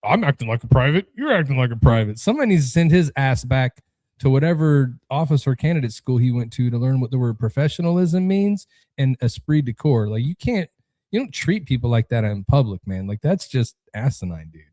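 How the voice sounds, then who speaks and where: A man's voice: medium pitch, animated, fairly quick, dark tone, dry recording. A man hosting a podcast, ranting bluntly and profanely in casual chat. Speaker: podcast host.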